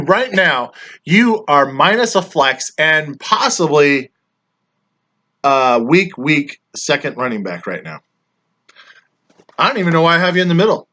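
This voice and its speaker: A fantasy football league member with a bright, forceful, slightly high voice casually grades his friends' drafts, rambling and teasing along the way. His sentence endings often trail off quietly, and his voice sounds a bit worn from all the talking.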